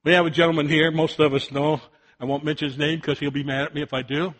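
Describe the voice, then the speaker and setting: High-pitched older preacher who shouts warnings. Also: male voice, level tone, quick pace. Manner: swings from loud shouted warnings to soft quiet appeals; folksy storytelling. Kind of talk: sermon.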